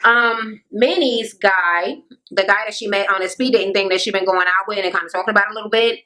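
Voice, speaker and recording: Bright, profane woman ranting a TV recap. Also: medium pitch, a little fast, low-quality recording. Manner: blunt, sassy and heavily profane; sarcastic asides to the viewer. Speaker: reality TV recap vlogger.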